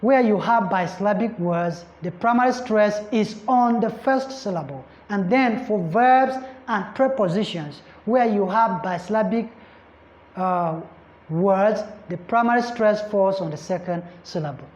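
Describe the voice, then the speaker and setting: Slow deliberate woman teaching English. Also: medium pitch, darkish tone. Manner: slow, deliberate, repeats points and spells words letter by letter; checks in with listeners. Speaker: English exam tutor. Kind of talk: classroom lecture. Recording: echoey room, slightly dull sound.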